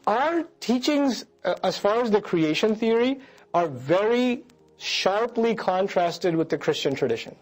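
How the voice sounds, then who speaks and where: A man's voice: sits high, animated, measured pace, low-quality recording. A man lecturing on scripture, reciting verses, translating them and putting rhetorical questions to his audience. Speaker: Quran lecturer. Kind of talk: religious lecture.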